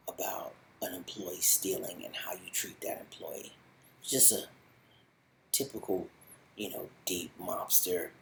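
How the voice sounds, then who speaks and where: A man giving a casual spoken review of a TV show in animated, slangy, rambling storytelling. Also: low voice, slight background noise, low-quality recording.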